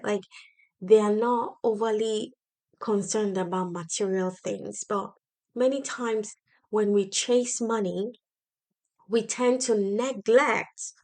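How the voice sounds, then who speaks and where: A woman's voice: medium pitch, darkish tone. An earnest woman in her thirties talks into the mic from her home office in a casual solo podcast. Her voice sits in a mid range, and she speaks in an encouraging, faith-tinged way. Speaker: podcast host.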